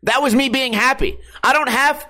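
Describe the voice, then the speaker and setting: High-voiced young man ranting sarcastically. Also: moderate pace, bright, forceful tone. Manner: sarcastic, profane, laughing at himself. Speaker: skateboarder and online streamer. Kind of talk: casual rant to viewers.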